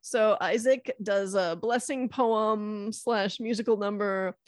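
A woman's voice: mid-range voice, steady tone, takes it slowly, no echo, clean studio sound. A woman casually retelling a story, acting out the quotes with playful irreverence and cursing. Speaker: podcast co-host retelling Bible stories. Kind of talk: casual chat.

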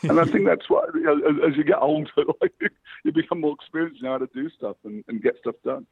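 A man, a publicist, telling lively motivational anecdotes as a guest over the phone. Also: on the high side, fast, vocal fry, breathy edge, no room sound. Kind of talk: interview storytelling. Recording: tinny phone line.

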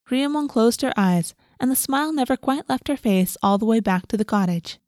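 A woman narrating a storybook in a steady, even reading voice. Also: on the high side, a little fast, hardly any pauses, no room sound, clean studio sound.

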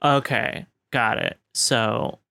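Gravelly, hesitant man in improv comedy. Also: mid-range voice, fairly even intonation, slow, sharp tone, no echo, clean studio sound. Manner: polite and hesitant, full of ums and restatements. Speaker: improv scene partner playing an Earth negotiator.

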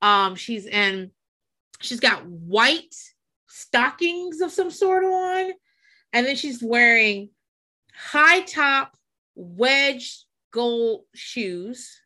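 A woman co-hosting a podcast in casual chat, animated and gossipy, laughing often and swearing freely. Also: fairly high pitch, very slow. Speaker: podcast co-host.

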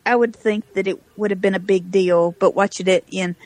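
A woman co-hosting a podcast, chatting casually with quick reactive remarks. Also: medium pitch, steady tone, darkish tone, no room sound. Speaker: podcast co-host. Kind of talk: casual chat.

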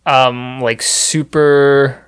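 A man co-hosting a casual film podcast in a relaxed, laid-back way. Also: mid-range voice, drawn-out words, smooth. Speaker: podcast co-host. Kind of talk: casual film review chat.

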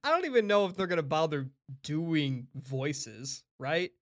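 A man co-hosting a casual chat, animated and opinionated, laughing often and swearing freely. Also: a little high, unhurried. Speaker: podcast co-host.

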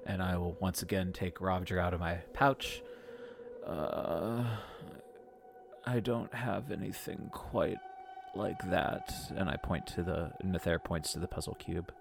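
A man playing a tabletop game, speaking slowly and haltingly. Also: sits low, vocal fry, background noise. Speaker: player.

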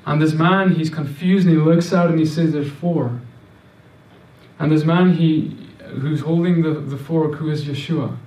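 A man delivers a sermon in an earnest, repeating manner, often stumbling and restarting. His voice is mellow and sits a little high. He sounds set back from the microphone in an echoey room. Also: fairly even intonation, normal speed, hardly any pauses, recorded from a distance. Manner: earnest, repetitive, with many restarts and stammered words. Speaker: preacher.

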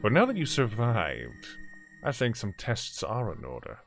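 A game master voicing an unseen, murderous man who speaks slowly and quietly with menace. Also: wildly swooping pitch, creaky, loud music behind the voice, exaggerated voice. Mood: cold dismissive. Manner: slow, low, quiet menacing delivery.

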